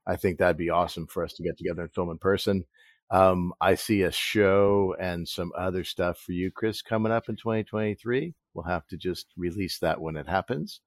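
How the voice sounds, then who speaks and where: A man co-hosts a casual podcast in a very low voice, recorded with a dry, close sound. He speaks earnestly and supportively. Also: moderate pace, no echo. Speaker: podcast co-host.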